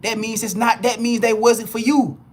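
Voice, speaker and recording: A man's voice: very high-pitched, level tone, moderate pace, slight background noise. A man giving a live spiritual reading to viewers, blunt and preachy, swearing freely and repeating himself as he builds emphasis. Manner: repeats words and restarts phrases when heated. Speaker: spiritual reader.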